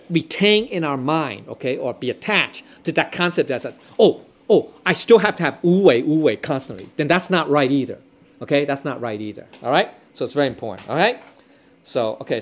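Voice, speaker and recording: Guy teaching dao classics, kinda high voice, says right? okay? constantly, drops into chinese. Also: a bit bright. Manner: repeats himself, checks in with "okay? right?"; switches between English and Chinese readings. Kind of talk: informal scripture lesson.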